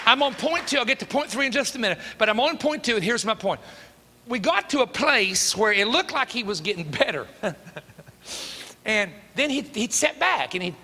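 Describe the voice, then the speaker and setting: A middle-aged male preacher with a Tennessee Southern accent and a high, bright voice delivers an emphatic storytelling sermon. His manner is folksy, and he acts out dialogue, while the church sanctuary adds long hall reverb.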